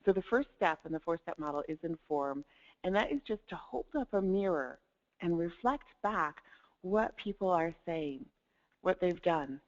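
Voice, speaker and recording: With a fairly low, expressive voice at normal speed, this woman presents a webinar as a life coach. The lo-fi audio sounds dull, while she stays cheerful, chuckling between points and showing off tones of voice.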